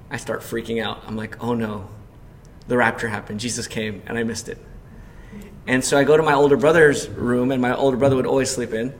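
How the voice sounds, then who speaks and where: Preaching as a pastor, a man shares a personal story in a conversational style and puts questions to the congregation, voicing quoted panic loudly. His voice is mid-range, with slight hiss or hum in the recording.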